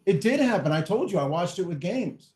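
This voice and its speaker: A man telling profane, animated stories as a guest in a casual podcast chat. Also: high voice, fairly quick. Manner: animated, profane, acts out quotes. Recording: echoey room.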